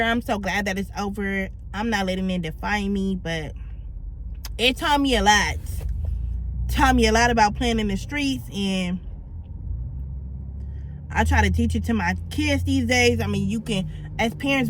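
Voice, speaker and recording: A middle-aged woman vlogger telling her own story in a candid, blunt and slangy way. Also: medium pitch. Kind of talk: confessional storytelling.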